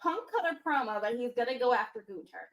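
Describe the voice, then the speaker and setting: A woman co-hosting a casual wrestling chat, giving quick, opinionated recaps. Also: a little high, animated, a bit bright, rough recording. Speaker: co-host.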